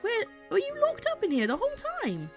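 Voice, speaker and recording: A woman voicing an eager young boy apprentice who is astonished at everything, reading his lines aloud in an excitable, exclaiming way. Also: extremely high pitch, a little fast, soft background music, voice pushed up, exaggerated voice. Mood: amazed.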